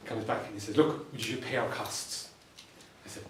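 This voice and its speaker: A man's voice: lowish voice, steady tone, normal speed, a bit bright, slight background noise. Irish man telling dry-humoured stories from afar. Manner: storytelling with dry humour and repeated punchlines. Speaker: solicitor and mediator giving a talk. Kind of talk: anecdotal presentation to a professional audience. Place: meeting room. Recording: distant mic in an echoey room.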